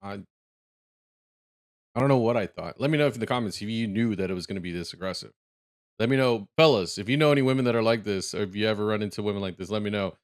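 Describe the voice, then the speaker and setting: A man's voice: fairly low pitch, fast. A man hosting a reaction video, rambling through his thoughts with lots of restarts and easy laughter. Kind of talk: casual reaction commentary.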